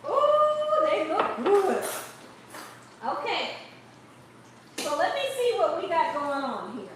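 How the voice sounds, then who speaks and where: A woman's voice: very high voice, very animated, takes it slowly. A middle-aged woman hosting a casual live cooking show from her home kitchen, chatty and playful, often laughing as she talks. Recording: very echoey room with faint background hiss.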